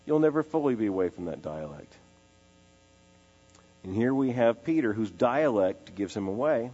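A male preacher delivers an emphatic expository sermon, repeating key phrases and slowing to let them land. His voice carries a long reverb, as in a large hall, with a dull lo-fi quality and faint music underneath. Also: lowish voice, sing-song, warm tone.

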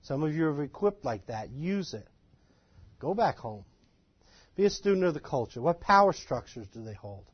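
A man giving an informal, animated and self-deprecating lecture to a live class of ministry students, in a folksy manner. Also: a little high, moderate pace, husky, no room sound, highs cut off. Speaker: ministry trainer.

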